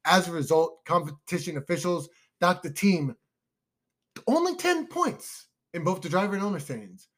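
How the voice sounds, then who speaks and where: A young man co-hosting a casual podcast chat, excitable and emotional, calling his listeners "y'all". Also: sits high, moderate pace. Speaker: podcast co-host.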